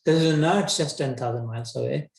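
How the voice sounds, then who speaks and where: A man's voice: a little high, fairly quick, gravelly. A man teaching a scripture session in a casual, colloquial way, often restarting his sentences. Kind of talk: conversational scripture lecture. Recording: roomy echo.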